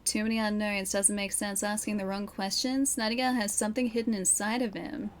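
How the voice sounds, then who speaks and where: Her voice is medium in pitch, brisk, and fairly flat in intonation. This young woman plays a game at her PC in a home room, chatting casually on a live stream with frequent laughter and reactions.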